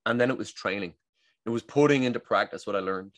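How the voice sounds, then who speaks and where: An Irish man, a breath coach and guest, telling his story in a casual, animated interview and acting out what others said. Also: fairly low pitch, quick pace, dry recording. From Ireland. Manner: animated, acts out quoted dialogue, frequent restarts.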